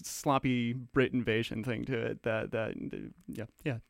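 A man chatting casually as a radio guest about punk records, talking in halting bursts full of stammered restarts. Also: medium pitch, level tone, gravelly, dry recording, studio quality.

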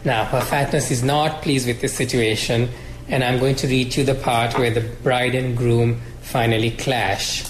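A male author reading his fiction aloud in a measured, expressive way at a college lecture. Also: mid-range voice, roomy sound, slight background noise, rough recording.

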